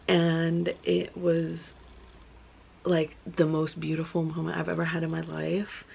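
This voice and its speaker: A woman's voice: deep voice, monotone, measured pace, gravelly, a little mellow, slightly rough. A young woman vlogger telling her story in a casual, chatty way, full of filler words.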